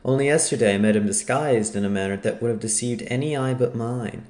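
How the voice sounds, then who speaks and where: A man voicing a cocky, gruff male thief chief who talks in a blustering, boastful way in an audiobook. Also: mid-range voice, a little fast, a little mellow, reverberant, natural voice.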